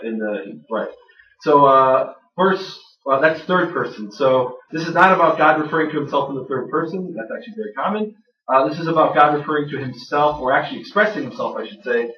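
A man's voice: medium pitch, brisk. Man lecturing in an echoey room. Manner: conversational, self-deprecating, many fillers and restarts. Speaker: lecturer on biblical grammar. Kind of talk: classroom lecture with jokes. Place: room with a live audience. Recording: roomy, distant, dull lo-fi sound.

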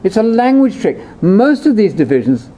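A man leading a conversational Bible discussion, explaining in an animated way that jumps between high and low pitch. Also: moderate pace. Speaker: Bible teacher.

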